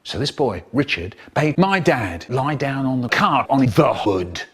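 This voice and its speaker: A man telling comic stories in a playful, animated way, breaking into sound effects and squeals. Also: medium pitch, measured pace, husky. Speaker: storyteller. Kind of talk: comic storytelling, chopped into a remix.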